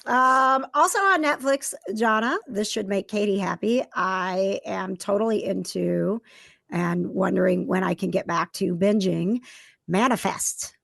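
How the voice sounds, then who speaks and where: A woman's voice: medium pitch, measured pace, gravelly, fairly bright tone, no echo, studio quality. A woman hosting a podcast, talking in a chatty, upbeat way and laughing easily. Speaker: podcast host. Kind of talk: casual podcast chat.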